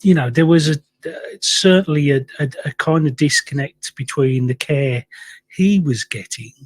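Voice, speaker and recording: A man sharing his experience in a casual online chat, speaking haltingly and restarting sentences. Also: on the high side.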